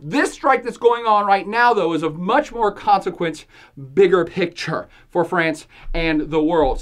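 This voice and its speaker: A woman talks through a podcast episode in a jokey, sarcastic voice, tossing in emphatic asides and laughing often. Her voice sits at a middling pitch for a woman. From United States. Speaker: podcast host. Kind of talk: opinionated podcast commentary.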